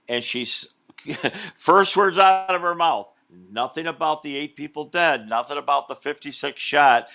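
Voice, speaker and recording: Man, podcast co-host, sardonic news chat, crisp bright tone. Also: medium pitch.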